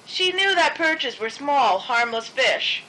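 A woman reads a children's picture book aloud in a gentle, expressive way. Her voice sits high and sounds bright. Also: slow, a little hiss or hum, low-quality recording. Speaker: storybook narrator.

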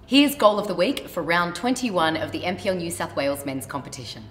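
A woman hosting a sports show, interviewing a guest and reading fixtures in brisk, friendly announcing. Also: fairly low pitch, animated, reverberant, music in the background. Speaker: show host. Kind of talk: interview and scripted sports segment.

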